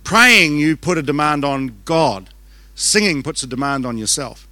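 Fast-talking New Zealand pastor, bright voice. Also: male voice, a little high, lively intonation, no room sound. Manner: fast-talking, joking and conversational, with restarts. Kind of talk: conference sermon. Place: church auditorium. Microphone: handheld microphone.

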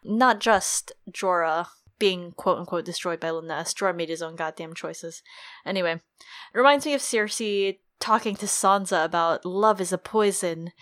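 A woman's voice: on the low side, moderate pace, a bit bright. A woman co-hosting a casual book discussion, chatty, full of likes and casual swearing. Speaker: podcast co-host.

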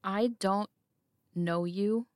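A woman's voice: mid-range voice, steady tone, drawn-out words, a little mellow, no room sound, clean studio sound. A woman playing a blunt, defiant young fighter.

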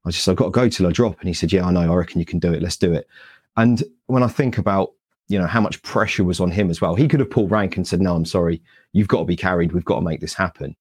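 A man's voice: low-pitched, fast, darkish tone, husky. A man with a British accent telling his story animatedly in an interview, acting out past conversations in a self-deprecating way. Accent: British English. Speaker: guest speaker, Paralympian.

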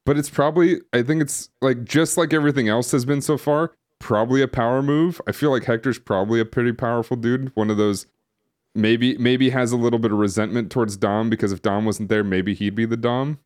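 A man's voice: mid-range voice, fairly even intonation, a little fast, darkish tone. A man co-hosting a casual podcast, rambling with lots of fillers and restarts. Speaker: podcast co-host. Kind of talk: casual chat. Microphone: streaming setup microphone.

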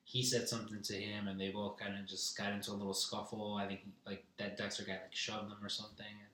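A man's voice: fairly low pitch, completely flat delivery, fast, pushed and bright. A young man telling a rambling, profane story in casual chat, heard from a distance in a room. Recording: roomy, distant mic.

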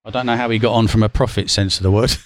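Man guest, former trader, animated storyteller, dry close recording. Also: on the low side, rapid-fire, no room sound. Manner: lively, acts out quotes, laughs while telling. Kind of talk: casual anecdotal storytelling.

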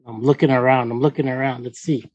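A man's voice: medium pitch, fairly even intonation, fast, a little mellow, no echo, lo-fi sound. A man co-hosting a casual podcast, easygoing and slangy, leaning on "like" and "you know". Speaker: podcast co-host.

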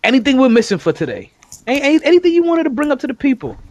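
A man's voice: very high voice, big pitch swings, rapid-fire, a little mellow, slight background noise. A man hosting a casual sports podcast, laughing often and rambling, recorded on his phone. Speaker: podcast host.

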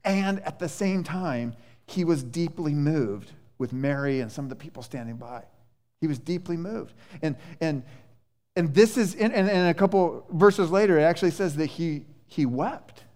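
A male pastor preaching a sermon in a conversational, animated way, with many restarts and fillers. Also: on the high side, normal speed. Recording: echoey church hall.

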